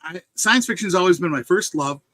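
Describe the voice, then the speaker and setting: A man with an Upper Midwest accent speaks in a bright, fairly high voice that swoops up and down with energy. He is a guest author in a casual interview, joking and laughing between rambling asides. The sound is close and dry. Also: lively intonation, brisk, no room sound. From Wisconsin.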